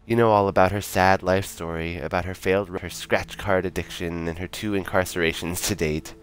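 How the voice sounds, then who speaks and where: A man's voice: deep voice, brisk, soft background music. A man streaming himself reading a narrative game aloud, with casual comments in between. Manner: animated, reads narration in second person.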